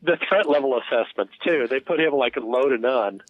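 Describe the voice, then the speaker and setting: A man co-hosting a casual podcast chat about a film, measured and easygoing. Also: mid-range voice, expressive, a little hiss or hum. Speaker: podcast co-host. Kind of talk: casual movie review chat. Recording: tinny phone-like line.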